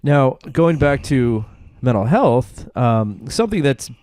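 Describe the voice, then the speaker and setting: A man's voice: mid-range voice, sing-song, takes it slowly, a little mellow, dry recording. Texan male podcast host, blunt and self-mocking, dry close-miked studio sound. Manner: self-deprecating, blunt, swears casually. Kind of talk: casual conversation.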